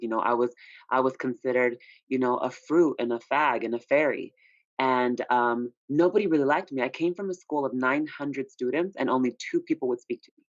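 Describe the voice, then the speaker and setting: A man who makes records talks openly about his career, telling stories with lots of "you know" asides. The sound is dull and lo-fi, dry with no room echo. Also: mid-range voice. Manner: candid storytelling with frequent "you know" asides. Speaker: independent recording artist, guest. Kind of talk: casual interview chat.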